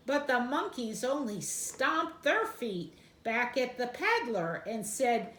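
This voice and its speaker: A woman reading a children's storybook aloud in an expressive, sing-song way, speaking to boys and girls. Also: fairly high pitch, slow pace. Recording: roomy echo, faint background noise.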